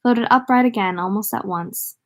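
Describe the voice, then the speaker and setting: A woman reads a novel aloud in an easygoing, unpolished way. She gives the dialogue lively voices and breaks off now and then to chat and laugh. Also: mid-range voice, normal speed. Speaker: audiobook reader. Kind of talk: casual read-aloud of a novel.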